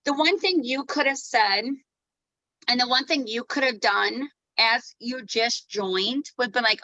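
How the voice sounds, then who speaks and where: A woman's voice: a little high, measured pace, pushed and bright, no room sound, lo-fi sound. A woman hosting a motivational video call, upbeat and hyped as she cheers on a teammate. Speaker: host.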